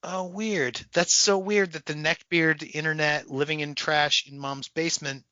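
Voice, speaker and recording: A man co-hosting a podcast in casual chat, animated and profane, acting out voices as he tells a story. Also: on the high side, normal speed, clean tone, dry recording, lo-fi sound. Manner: animated, swearing, acts out people's voices. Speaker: podcast co-host.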